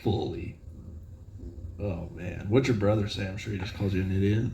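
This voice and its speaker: A man's voice: lowish voice, moderate pace, mellow, a little hiss or hum. A man hosting a podcast, asking teasing questions and swearing in casual chat. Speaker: podcast host.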